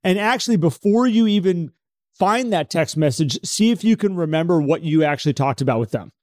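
A man's voice: a little high, brisk, no echo, studio quality. A man co-hosting a podcast in casual chat, often acting out what people say when the phone rings. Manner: animated, acts out imagined phone reactions. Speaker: podcast co-host.

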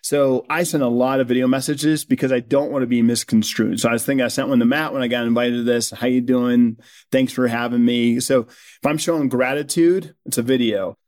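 An energetic man talks as a podcast guest, persuasive and quick to lay out his point. His voice sits at a middling pitch for a man. The delivery stays conversational and confident. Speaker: guest, company co-founder.

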